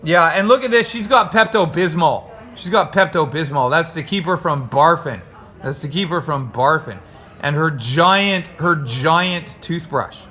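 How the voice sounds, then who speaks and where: A man's voice: on the high side, unhurried, sharp tone. A man from North America reading a children's storybook aloud, chatty and jokey, making the sound effects and commenting as he goes. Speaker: storybook reader. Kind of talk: playful read-aloud with commentary.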